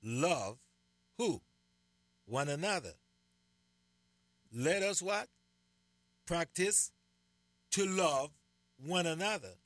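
A man's voice: a little high, lively intonation, extremely slow, long pauses, a bit bright, dry recording. A man teaching from the Bible, emphatic and repeating key words for stress. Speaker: co-host.

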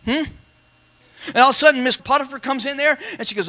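A male pastor delivering a dramatic church sermon, calling out to the congregation for responses and swelling into shouts. His voice sits unusually high for a man, bright and forceful. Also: fast. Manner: call-and-response preaching, dramatic, rising to shouts.

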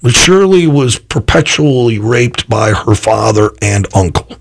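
A man's voice: a little slow, creaky, husky. A man who is a pastor, telling a personal story in a loose, rambling conversational interview. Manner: animated storyteller, jumps higher when voicing his own thoughts; loose, rambling delivery with restarts.

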